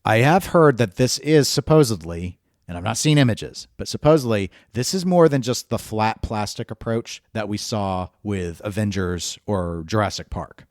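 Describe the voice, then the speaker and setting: A man with a fairly low voice co-hosts a casual gaming podcast, thinking aloud and often restarting his sentences. The sound is dry and close, with no room echo. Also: moderate pace, few pauses, darkish tone. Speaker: podcast co-host.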